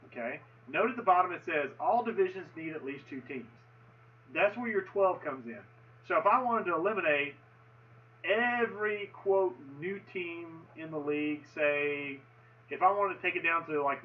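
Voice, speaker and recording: A man's voice: fairly high pitch, recorded from a distance, dull audio. A man casually commenting on a sports video game's franchise settings, enthusiastic and often repeating himself. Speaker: gaming video host.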